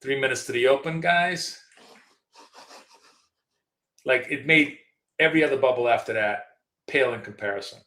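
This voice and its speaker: A man's voice: medium pitch, moderate pace, pauses often, bright, forceful tone. Chatty middle-aged man, echoey room. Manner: chatty storyteller, frequent fillers and restarts. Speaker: trading show co-host. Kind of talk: casual live trading chat.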